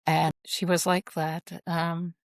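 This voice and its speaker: A woman with a fairly low voice tells heartfelt stories in a casual interview, wandering from thought to thought and restarting sentences as she goes. The sound is dry and close, with no room around it. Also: flat delivery, no echo. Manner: rambling, heartfelt, halting restarts. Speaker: author guest. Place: at home.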